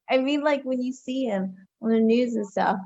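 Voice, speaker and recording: A woman's voice: on the high side, normal speed, warm tone, no echo. Blunt woman on a dull mic. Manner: blunt, swearing, giggly. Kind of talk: casual comedy chat. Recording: dull lo-fi sound.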